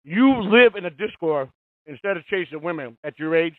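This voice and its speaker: A man's voice: high voice, lively intonation, normal speed, no echo. A man in his fifties hosting a live call-in radio show, ranting in a profane, heated, confrontational way. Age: 50s. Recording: tinny phone-like, dry sound.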